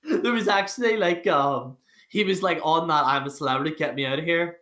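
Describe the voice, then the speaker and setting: A man's voice: fairly high pitch, a little fast, bright, forceful tone. A man hosting a podcast, telling rambling stories with lots of swearing and laughter. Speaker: podcast host. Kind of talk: casual chat. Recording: roomy echo.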